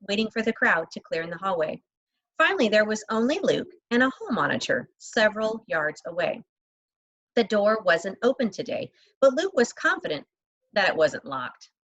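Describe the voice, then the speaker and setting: A woman's voice: mid-range voice, normal speed, rough recording. Woman reading a children's novel aloud. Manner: expressive, voices the characters lightly. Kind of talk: reading aloud with asides to listeners.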